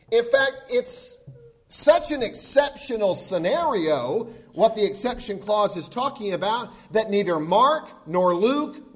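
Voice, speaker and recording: A man preaching a sermon in an earnest, conversational way, often asking the listeners rhetorical questions. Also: very high voice.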